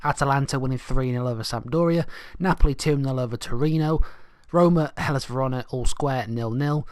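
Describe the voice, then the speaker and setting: A man's voice: mid-range voice, brisk, clear, resonant tone, dry recording. A young man giving casual, rambling let's-play commentary, thinking aloud as he goes. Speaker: gaming channel host.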